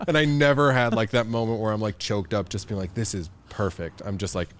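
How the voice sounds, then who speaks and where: A man's voice: lowish voice, fairly even intonation, fairly quick, a little hiss or hum. A man talking as a photographer guest on a podcast, chatty, laughing often and acting out quotes. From United States. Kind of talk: casual podcast interview.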